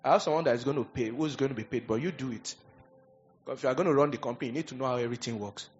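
A man's voice: mid-range voice, very fast, slight background noise. Man preaching, muffled sound. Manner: animated preaching with acted asides. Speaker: pastor. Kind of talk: sermon.

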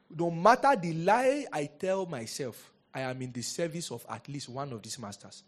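Pastor preaching with lively questions. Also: male voice, fairly high pitch, unhurried. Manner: lively, rhetorical, asks the congregation questions. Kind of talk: sermon.

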